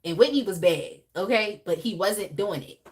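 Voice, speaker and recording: Woman, young adult, live tarot host, casual, animated, laughing asides. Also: mid-range voice, moderate pace. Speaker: tarot reader hosting a live reading. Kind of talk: casual live-stream chat.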